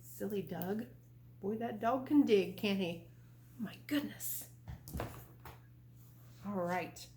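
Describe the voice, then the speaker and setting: With a medium-pitched, dark voice, this young adult librarian reads a picture book to children slowly, leaving long pauses. Playful and asking the kids lots of questions, she's recorded in a library room with roomy echo and slight background noise.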